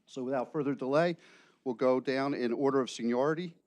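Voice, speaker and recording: Older police chief guy reading formal remarks, dry close sound, slow and ceremonial. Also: mid-range voice, a little mellow, no echo. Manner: measured, ceremonial delivery with deliberate pauses. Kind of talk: formal prepared speech at a council meeting.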